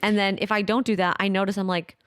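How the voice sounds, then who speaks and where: A woman's voice: mid-range voice, little pitch movement, quick pace, no echo, studio quality. A woman in her thirties co-hosting a podcast, chatting casually with lots of filler words. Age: 30s. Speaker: podcast co-host. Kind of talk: casual chat.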